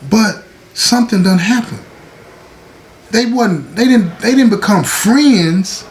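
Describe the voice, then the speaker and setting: Speaking slowly in a high, expressive voice, this host of his own show tells a casual story. He leans on "right?" and "you know what I'm saying" as he goes, and the recording carries echo and faint ambient noise.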